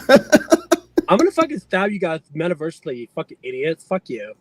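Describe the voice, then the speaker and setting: A man's voice: fairly high pitch, huge pitch swings, normal speed, dry recording. Squealing, trash-talking man. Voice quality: loud squealing "ooh" yelps, profane taunting.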